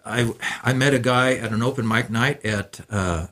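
A man's voice: on the low side, normal speed, few pauses, a bit bright. A male musician guest in a radio studio, telling rambling, easygoing stories with lots of fillers in a casual interview.

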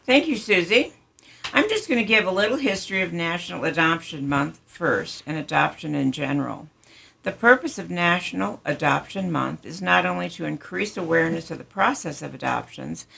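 An older woman with a scratchy voice, a retired doctor hosting a community radio health show in a measured, friendly way. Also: low voice, lively intonation, creaky, sharp tone, husky.

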